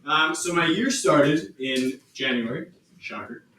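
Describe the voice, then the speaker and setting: Brief: male comic, crude and self-mocking, slightly high voice, distant and echoey club sound. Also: slow, bright, forceful tone, a little hiss or hum. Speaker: stand-up comedian. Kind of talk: stand-up set. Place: comedy club stage.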